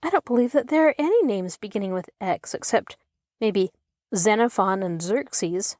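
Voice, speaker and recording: A woman performs a shy, puzzled little girl, lightly acted. Her mid-range voice is a little mellow, with lively intonation and a moderate pace. The recording is studio quality, with no room sound.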